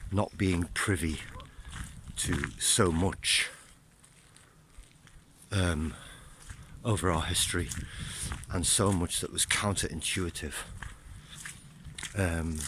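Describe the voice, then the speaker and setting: A man giving a musing, reflective monologue outdoors on a morning walk, pausing often with ums. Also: low-pitched, fairly even intonation, a bit bright. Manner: musing, unhurried, with pauses and ums. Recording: noisy outdoor recording.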